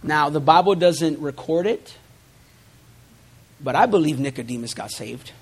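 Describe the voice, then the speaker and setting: Preaching to his congregation at a measured pace, a pastor speaks in a slightly high, slightly rough, animated voice. He builds emphasis through rising, forceful repetitions and adds joking asides.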